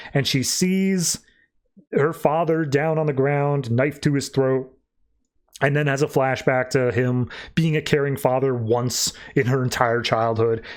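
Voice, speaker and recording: A young man hosting a podcast, casually recapping a comic and briefly voicing its characters. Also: a little high. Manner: animated, breaks into quick quoted voices for characters. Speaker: podcast host.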